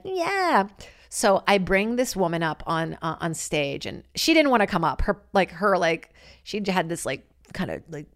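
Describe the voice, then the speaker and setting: A woman in her thirties, a comic and podcast host, telling stories in a brash, animated way and acting out voices. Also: fairly low pitch. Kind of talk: casual storytelling monologue.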